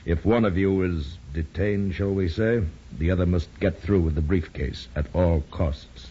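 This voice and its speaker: A man's voice: deep voice, measured pace, mellow, slightly rough. A man playing a commanding communist spy chief in an old radio drama, giving curt, clipped orders. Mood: stern. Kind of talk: 1950s radio drama acting. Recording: dull lo-fi old radio recording with faint hiss.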